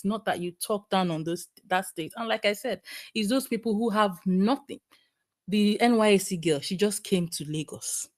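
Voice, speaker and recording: A woman's voice: medium pitch, darkish tone, no echo. Emphatic Nigerian woman, dry close sound. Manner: emphatic, often restarts and repeats words. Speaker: participant in an online audio debate. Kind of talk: impassioned argument.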